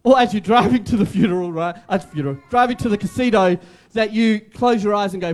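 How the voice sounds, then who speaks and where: A man's voice: high-pitched, quick pace, hardly any pauses, darkish tone. A man preaching a sermon as pastor, emphatic and repetitive, with joking asides.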